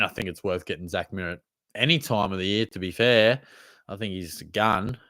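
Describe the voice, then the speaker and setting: A man's voice: lowish voice, sharp tone, no echo, clean studio sound. An Australian man hosting a live question-and-answer stream, talking in a laid-back, chatty way with plenty of slang. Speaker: host. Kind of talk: casual live Q&A chat.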